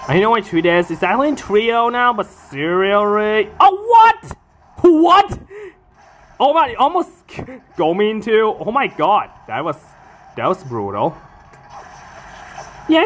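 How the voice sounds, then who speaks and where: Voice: mid-range voice, slight background noise. Jumpy gamer doing let's-play commentary, voice bouncing all over, swearing a lot, talks in broken bits. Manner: excitable, swears and laughs while playing; talks in short broken phrases. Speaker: gamer narrating own play.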